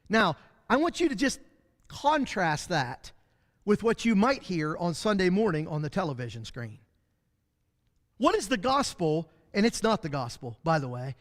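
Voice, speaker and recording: A man's voice: extremely high pitch, big pitch swings, normal speed, a bit bright, big-room sound. A man teaching a Bible study lesson in a church, talking animatedly and acting out the voices of the people he describes. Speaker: preacher.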